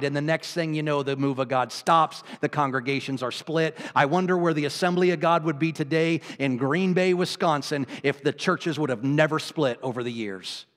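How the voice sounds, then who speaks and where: Male pastor, sermon delivery, loud peaks and quiet asides, reverberant church hall. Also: normal speed, hardly any pauses. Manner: swings from loud exclamations to low, quiet asides; laughs between points, conversational. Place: church sanctuary.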